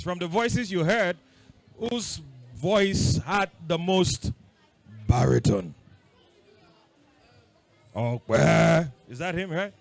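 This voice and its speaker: High-voiced man quizzing kids. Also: expressive, creaky, faint music behind. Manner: playful, quizzing the audience with quick questions. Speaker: workshop leader talking to boys. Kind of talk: interactive talk with children.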